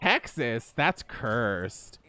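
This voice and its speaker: A man streaming live from home, chatting casually with his viewers while he plays. He talks in a lively, profane way and laughs often. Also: medium pitch, very slow.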